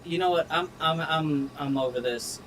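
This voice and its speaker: A gaming streamer, his voice a little high and slightly bright, grumbles through his own gameplay with light background noise behind him. He drawls slowly, swears heavily, and talks himself through each step in frustrated, casual commentary.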